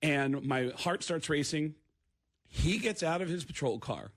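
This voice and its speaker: A man, a stand-up comedian, telling an animated story as a radio guest and acting out the people in it. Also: fairly high pitch, unhurried. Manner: lively, acts out voices in his anecdotes.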